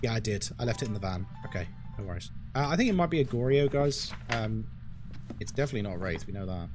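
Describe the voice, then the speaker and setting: Animated, chatty male game streamer. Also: fairly low pitch, fast talker, over music. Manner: chatty, ranting, swears and laughs often. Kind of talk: casual live-stream commentary.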